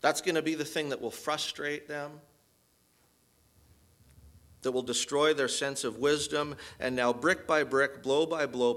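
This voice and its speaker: A man's voice: medium pitch, fairly bright tone. A man preaching an expository sermon as pastor, earnest and emphatic, with rhetorical questions.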